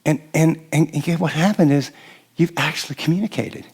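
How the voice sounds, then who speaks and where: An older male pastor with a fairly high voice, preaching in an animated, conversational way. He slips into quick little impressions of spouses talking to each other, stumbling over and restarting his phrases as he goes. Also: breathy edge. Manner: animated, acts out quoted spouses, frequent restarts. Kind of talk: sermon teaching to a live audience.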